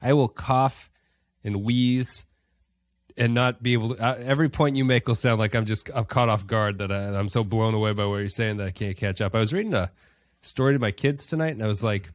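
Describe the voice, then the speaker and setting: A man in his thirties with a cold talks in a low, dry voice, cracking jokes at his own expense. He co-hosts a casual podcast from home. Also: fairly even intonation, fast, no echo. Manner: joking, self-mocking. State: sick with a cold. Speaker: podcast co-host. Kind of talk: casual chat.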